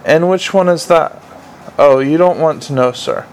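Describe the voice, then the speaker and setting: A man's voice: on the high side, a little slow, rough recording. A man voicing an earnest, dutiful young watch captain who speaks politely.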